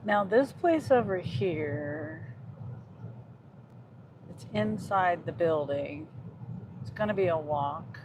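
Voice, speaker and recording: A woman's voice: lowish voice, animated, slow, long pauses. A woman livestreaming as a delivery driver, chatting casually and reading viewer comments aloud while she drives. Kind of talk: casual live stream chat. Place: inside a car while driving. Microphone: phone mounted on the dash. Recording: noisy in-car phone recording.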